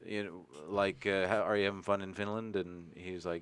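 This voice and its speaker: A Canadian man with a low, smooth, resonant voice, rambling through a casual podcast chat full of jokes and the odd swear word. The sound is dry and close, with almost no room around him. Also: little pitch movement, normal speed, a bit bright, no room sound. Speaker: podcast host.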